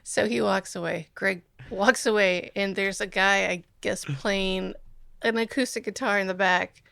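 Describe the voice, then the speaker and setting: This is a woman hosting a casual podcast. Her voice has a gravelly fry and a bright, forward edge, and it sounds dry and close. She talks bluntly and makes wry asides. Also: mid-range voice, steady tone, unhurried, dry recording. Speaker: podcast host.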